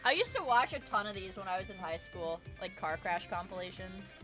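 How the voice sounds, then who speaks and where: A young adult woman streamer chatting casually while reacting to videos, playful and loud, swearing and often shouting. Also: medium pitch, lively intonation, a little fast, over music.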